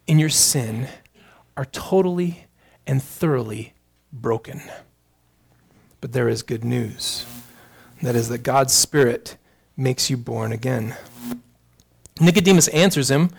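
A man's voice: fairly high pitch, measured pace, vocal fry, pauses often. A man preaching a sermon as pastor, addressing the congregation directly with earnest rhetorical questions.

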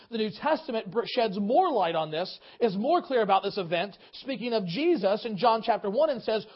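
A man with a high voice preaches an earnest sermon, stumbling now and then on fillers and false starts. The recording sounds dull and lo-fi, with a muffled top end. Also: expressive, a little fast, few pauses. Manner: earnest, frequent fillers and restarts. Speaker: pastor. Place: church service.

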